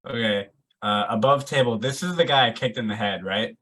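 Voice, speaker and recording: A man playing a tabletop game in relaxed banter, laughing easily. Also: lowish voice, a little fast. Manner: laid-back and laughing easily. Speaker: player.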